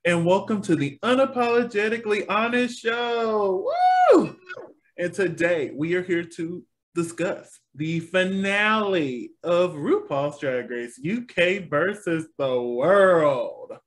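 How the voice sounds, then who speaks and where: A man co-hosting a casual review chat show, animated and quick to laugh, with a bouncy, exclamatory delivery. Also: high voice.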